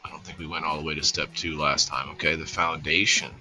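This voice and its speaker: A man with a very low voice chats casually on a livestream. He rambles along in an easygoing way and greets his viewers by name. Guitar music plays clearly behind him. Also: flat delivery, a little fast, sharp tone. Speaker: livestream host.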